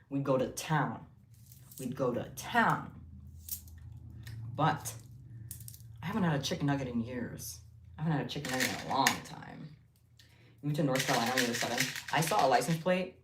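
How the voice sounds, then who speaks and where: A woman hosting a casual livestream, rambling and joking in a scattered way as she reads chat. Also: a bass voice. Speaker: livestream host. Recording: echoey room, distant mic, faint noise.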